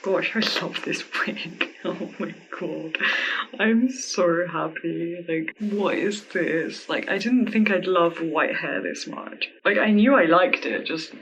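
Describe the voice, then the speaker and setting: A woman's voice: fairly low pitch, unhurried, hardly any pauses, a little hiss or hum, low-quality recording. Giggly, gushing woman vlogger. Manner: gushing and excitable, many "like" fillers, giggly. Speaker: beauty vlogger reviewing a wig. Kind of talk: casual product review. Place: at home.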